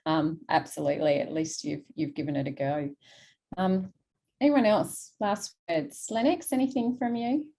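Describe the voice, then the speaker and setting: A woman's voice: deep voice, fairly even intonation, moderate pace, vocal fry, dark tone, slight background noise. Encouraging Australian woman moderating a panel. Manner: encouraging, affirming. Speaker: panel moderator, university staff. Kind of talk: panel discussion.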